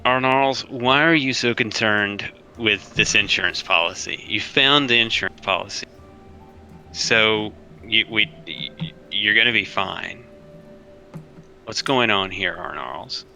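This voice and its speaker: A man's voice: fairly low pitch, measured pace, creaky, sharp tone, faint music behind, poor audio. A man playing a tabletop game, talking in a friendly, coaxing way with stammered restarts. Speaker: player.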